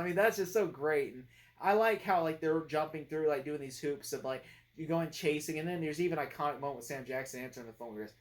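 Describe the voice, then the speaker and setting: A man's voice: on the high side, fast talker. Rambling young man reviewing a movie. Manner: rambling, lots of fillers, quotes lines in muttered voices.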